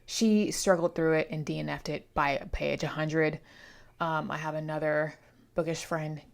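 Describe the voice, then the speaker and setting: A woman's voice: low-pitched, steady tone, unhurried, gravelly. A woman giving a casual, chatty book review on her vlog, rambling with playful asides while congested from allergies.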